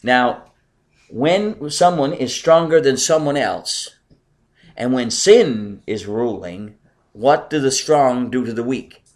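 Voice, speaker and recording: A middle-aged pastor preaching earnestly to a congregation, pressing his points with emphasis, then dropping to quieter asides. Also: mid-range voice, animated, takes it slowly. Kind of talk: sermon with congregation replies.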